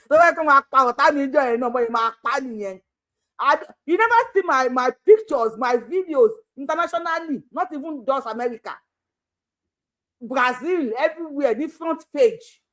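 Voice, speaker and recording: On her YouTube channel, a Nigerian woman chats casually through live commentary, laughing frequently and alternating Yoruba and pidgin English. She has a high-pitched, fairly bright voice with lively intonation at a normal speed.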